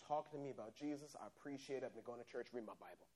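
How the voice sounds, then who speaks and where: A preacher voicing a gruff stranger. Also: male voice, mid-range voice, very fast, dark tone, pitched below the performer's own voice, lightly acted. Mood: grateful. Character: gruff grown man stranger, blunt.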